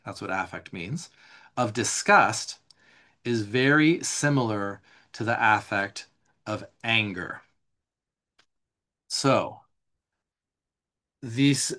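A man's voice: on the low side, fairly bright tone. A man teaching a live online workshop in a loose, conversational way, talking a worksheet through line by line with frequent fillers and restarts.

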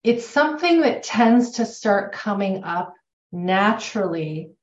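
A woman's voice: medium pitch, expressive, a little slow. A woman teaching a class on somatic therapy in a conversational way, correcting herself as she goes. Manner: conversational, self-correcting, acts out quoted remarks. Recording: echoey room, dull lo-fi sound.

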